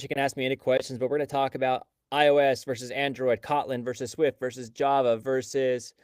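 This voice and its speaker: An upbeat man hosts a live stream, greeting viewers and explaining things in a loose, chatty way. His voice is smooth and clear at an ordinary middle pitch. The sound is dry and close to the mic. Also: darkish tone, no echo. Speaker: livestream host and coding instructor.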